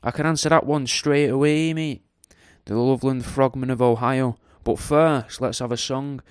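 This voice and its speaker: A man's voice: medium pitch, fairly even intonation, normal speed, clear, resonant tone, no room sound. Male podcast host, rambling and jokey, resonant voice, close dry sound. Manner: rambling, jokey, sweary, slangy. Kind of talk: casual monologue.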